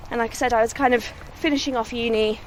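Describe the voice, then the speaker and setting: A young woman from the West Midlands, a singer-songwriter, talks modestly in a slightly high voice and laughs easily. She is recorded outdoors on a country walk. Faint traffic hum and outdoor air sit behind her. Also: steady tone, quick pace. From West Midlands, England. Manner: chatty and modest, laughs often. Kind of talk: casual outdoor interview on a walk. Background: faint outdoor ambience and distant vehicles.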